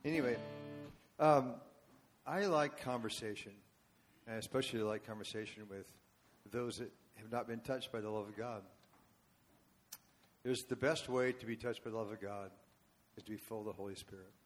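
A man's voice: fairly low pitch, steady tone, normal speed, pauses often, faint music behind. A man in his seventies, a worship leader speaking to a church congregation, telling a long story with casual asides. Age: 70s. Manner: rambling and conversational, asides to the congregation. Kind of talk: storytelling sermon.

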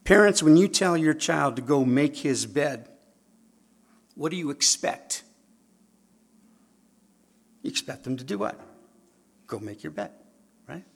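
A man's voice: on the high side, unhurried, gravelly, pauses often. A man preaching a sermon, who tells stories, acts out dialogue and keeps asking his listeners questions. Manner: animated storytelling, acts out dialogue, asks the audience questions.

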